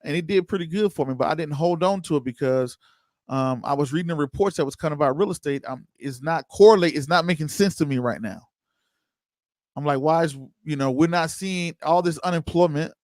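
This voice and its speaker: A man's voice: a little high, fairly quick, darkish tone, no room sound. Casual male livestream host, dry mic. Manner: loose, conversational, chats with viewers by name. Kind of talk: casual livestream commentary reading chat.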